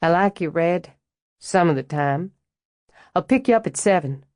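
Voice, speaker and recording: A woman's voice: on the low side, animated, moderate pace, a little mellow, no room sound, natural voice. A woman voicing a blunt, confident male landscaper who teases in a dry, direct way. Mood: teasing.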